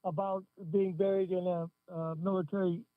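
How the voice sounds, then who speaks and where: A man calling in to a radio show, speaking plainly and hesitantly with many pauses. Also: high-pitched, flat delivery, no echo. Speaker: caller. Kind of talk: casual call-in radio chat. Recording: tinny phone line.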